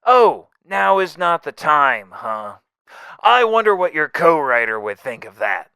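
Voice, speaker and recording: A man voicing a wisecracking, unhinged male mercenary in a fan audio drama, jokey and manic, swinging between whispers and shouts. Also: fairly high pitch, very animated, a little slow, creaky, smooth, dry recording, studio quality, heavily acted. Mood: manic teasing.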